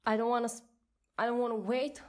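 A woman's voice: fairly high pitch, flat delivery, quick pace. A woman in her twenties with a non-native accent, hosting a solo podcast and ranting in an indignant tone. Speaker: podcast host.

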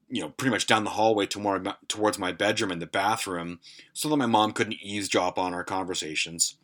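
Low, bright-voiced man telling a story. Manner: rambling, profane, lots of fillers. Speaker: podcast host. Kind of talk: casual storytelling.

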